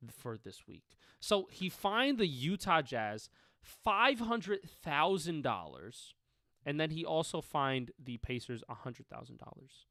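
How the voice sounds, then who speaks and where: Man, casual sports chat, swearing, dry close sound, higher pitch. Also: fairly bright tone, no echo. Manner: profane, loose, joking. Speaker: podcast co-host.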